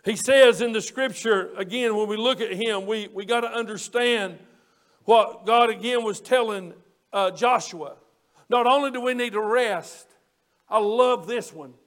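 A man with a strikingly high voice preaches a fervent sermon. He builds his points through repetition and often lifts into hollering. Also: unhurried, fairly bright tone. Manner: repeats and restarts phrases for emphasis.

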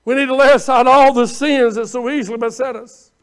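A man with a very high voice preaching a fervent sermon. He moves from hushed, tender pleading to loud shouts, doubling back on words as the feeling builds. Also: fairly even intonation, fairly quick, clean tone. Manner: impassioned preaching, swings from quiet to shouting; repeats words and restarts phrases. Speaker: pastor.

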